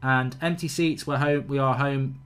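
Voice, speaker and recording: A man's voice: mid-range voice, steady tone, normal speed, a bit bright, clean tone. A man hosting live football reaction commentary, ranting and swearing in exasperation at his team's play. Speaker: football fan channel host.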